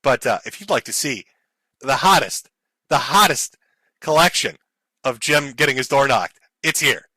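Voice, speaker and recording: A man's voice: mid-range voice, animated, moderate pace, sharp tone, slightly rough, no room sound. A man giving mocking, sarcastic livestream commentary, laughing often and apologizing in mock seriousness. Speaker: streamer.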